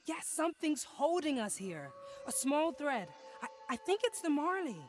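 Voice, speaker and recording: An actress playing a tough pirate crewmate in a video game, speaking briskly and bluntly. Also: female voice, sits high, sing-song, faint music behind.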